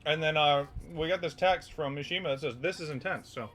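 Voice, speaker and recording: A man's voice: on the high side, steady tone, brisk, fairly bright tone, faint music behind. A young man streaming a game with a friend in casual, joking, rambling chat.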